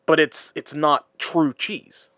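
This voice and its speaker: A man who hosts a podcast talks through a long explanation in an easygoing, conversational way. His voice sits a little higher than usual for a man. The sound is close and dry, with no room around it. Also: slow, dry recording. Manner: explains at length in a relaxed, conversational way. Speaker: podcast host. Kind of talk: casual chat.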